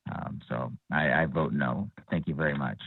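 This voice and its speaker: A man's voice: rumbling low, normal speed, vocal fry, husky, no echo. A man from Northern California phoning in a hesitant public comment with many ums and restarts. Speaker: caller giving public comment. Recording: dry tinny phone line.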